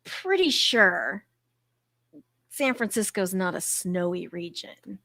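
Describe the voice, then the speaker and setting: A middle-aged woman hosting a podcast in casual chat, swearing freely and telling deadpan jokes about her kids. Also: lowish voice, slow, gravelly, no room sound. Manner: profane, joking, deadpan bits. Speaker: podcast host.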